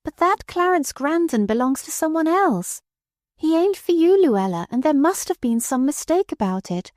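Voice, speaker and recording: A woman voicing a meek little old lady who speaks gently, quavering through her tears, in an audiobook. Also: high-pitched, very animated, normal speed, no echo, studio quality, voice pushed up. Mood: gentle. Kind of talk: audiobook character voice.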